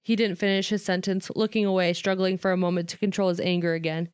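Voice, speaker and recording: A woman reads a novel aloud in a smooth, clear voice, then drifts into loose retelling full of "like" and easy laughter. She is recorded close and dry, with no room sound. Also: fairly low pitch, level tone, fast talker, darkish tone, dry recording. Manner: reads a novel aloud, breaking off to paraphrase with lots of "like"; laughs often. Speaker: reader and commentator. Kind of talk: casual read-aloud with chat.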